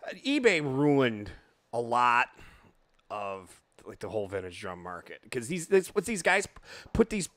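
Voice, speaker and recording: A man in casual chat about drums, animated and chatty, often saying "man". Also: mid-range voice, a little slow, no echo.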